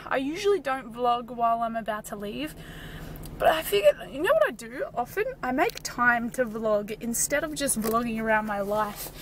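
A woman's voice: a little high, expressive, normal speed, slight background noise. Chatty woman, breathless. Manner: rambling, chatty, self-deprecating. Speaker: vlogger. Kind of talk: casual vlog chat. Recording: music playing behind.

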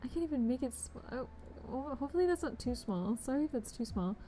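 This young woman's voice sits high and sounds warm, expressive and fast. She's a bubbly, chatty game streamer who calls her viewers pet names, and the recording carries faint background noise.

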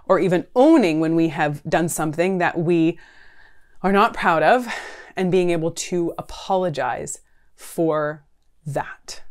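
A woman counsellor in her thirties talks earnestly to camera, her voice sitting a touch low for a woman. She speaks in a conversational way, checking in with the listener and leaning on casual fillers. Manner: earnest, conversational, frequent "right?" and "like". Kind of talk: talking-head advice video.

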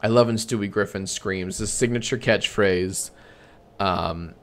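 A man streaming a comedy bit, bantering with himself in a deadpan, sarcastic way and swearing often. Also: lowish voice, measured pace.

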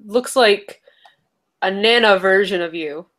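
A woman's voice: mid-range voice, takes it slowly, fairly bright tone. A woman chatting on a video call from her bedroom, joking and laughing easily. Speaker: book club member. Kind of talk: casual video-call chat.

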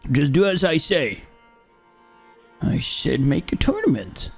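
A man, not an English speaker, commenting on his own gameplay, taunting enemies playfully and yelling out in fights. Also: huge pitch swings, slow pace, vocal fry. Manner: playful trash talk at enemies; bursts into high shouts during fights. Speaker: gaming YouTuber. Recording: game music playing behind.

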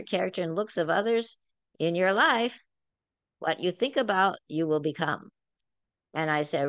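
Woman Bible study teacher, lowish voice, dry close sound, earnest and emphatic, talks like a casual sermon. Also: no echo. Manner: earnest, emphatic, conversational preaching.

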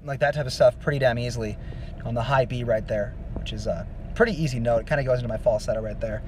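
A man giving a casual singing lesson, explaining vocal technique in a relaxed, rambling way with many fillers. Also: medium pitch, quick pace, very noisy. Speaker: vocal coach.

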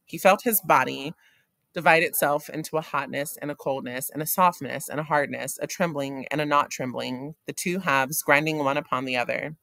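A man narrating a novel aloud for a class in a steady, plain manner. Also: fairly high pitch, moderate pace, gravelly, no room sound.

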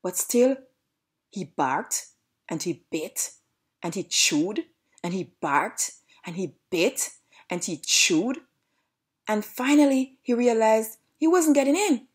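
A woman's voice: mid-range voice, takes it slowly, pauses often, slightly rough. A woman with a Jamaican accent reading a storybook aloud. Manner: lively read-aloud narration.

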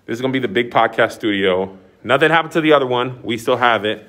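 A man's voice: medium pitch, quick pace. Man, studio owner, casual walk-and-talk tour, showman hype, camera mic in an empty building. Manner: excitable, showman-like announcing. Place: large empty commercial building.

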